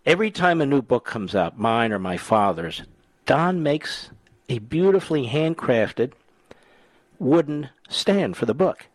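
A man's voice: mid-range voice, sing-song, unhurried, no room sound. A man hosting a talk radio show, chatting with callers and telling stories in a teasing way. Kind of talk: talk radio chat and monologue. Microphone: studio mic.

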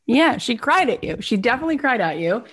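A woman's voice: on the high side, very animated, fast talker, fairly bright tone, husky. A woman hosting an interview, effusive and admiring, who says "like" a lot. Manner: effusive, heavy use of "like". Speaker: interview host. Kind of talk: casual interview chat.

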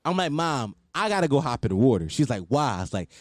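A man's voice: mid-range voice, sing-song, fast, dry recording, clean studio sound. A man hosting a podcast, telling a story in a casual, profane monologue and often laughing. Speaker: podcast host.

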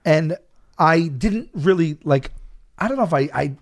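A man telling a story in a casual chat, stammering and loudly acting out the people in it. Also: on the high side, a little slow. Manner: animated, acts out a shouting wrestler and his own stammering. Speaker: storyteller guest.

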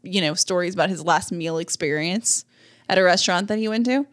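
A woman's voice: on the low side, a little fast. A woman co-hosting a podcast in casual chat, easygoing and chatty as she tells everyday stories. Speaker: podcast co-host.

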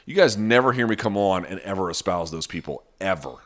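A man's voice: mid-range voice, animated, brisk, a bit bright. A man hosting a casual live chat, answering viewer questions off the cuff in a blunt, profane way.

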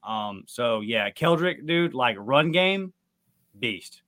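A man's voice: medium pitch, lively intonation, slow, fairly bright tone. A man co-hosting a sports recap podcast, talking casually and getting fired up into emphatic rants. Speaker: podcast co-host.

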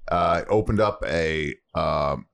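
A man chatting casually on a podcast, telling animated stories and swearing freely. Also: rumbling low, slow pace, vocal fry, smooth. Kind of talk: casual chat.

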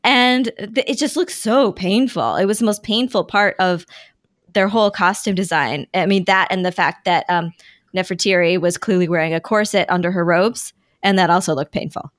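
A woman co-hosting a casual group podcast chat, animated and enthusiastic. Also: mid-range voice, moderate pace, dry recording, studio quality. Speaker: podcast co-host.

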